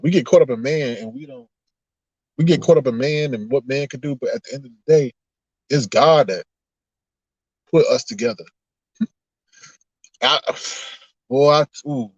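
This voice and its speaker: Animated laughing male streamer. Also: medium pitch, slightly rough, no room sound, dull audio. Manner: animated, laughing, preachy asides. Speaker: online streamer. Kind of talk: casual livestream chat.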